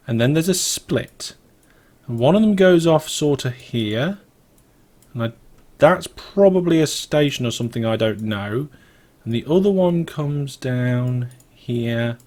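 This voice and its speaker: A man's voice: medium pitch, darkish tone. A British man hosting a let's play, giving casual gameplay commentary as he thinks aloud in a wandering, chatty way.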